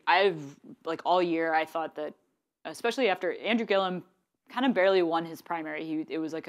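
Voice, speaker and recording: A woman journalist on a panel, talking in a chatty way full of "like" and restarts. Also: sits low. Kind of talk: panel discussion.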